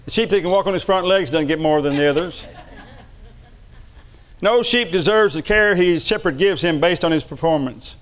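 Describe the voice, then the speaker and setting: Middle-aged pastor, preaching with fervor; smooth, resonant voice. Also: male voice, on the high side, animated, moderate pace, fairly bright tone. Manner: fervent preaching with repetitions. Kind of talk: sermon.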